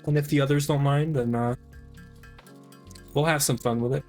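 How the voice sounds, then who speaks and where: A man's voice: fairly high pitch, fairly even intonation, normal speed, a little mellow, soft background music. Rambling male game streamer. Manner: rambling, hesitant, many fillers and restarts. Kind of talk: casual live-stream game chat.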